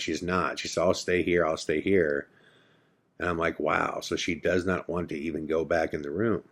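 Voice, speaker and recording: A man hosting a podcast, telling a personal ghost story casually and acting out the dialogue. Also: deep voice. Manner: casual storytelling, acts out quoted dialogue, frequent "I'm like". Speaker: podcast host.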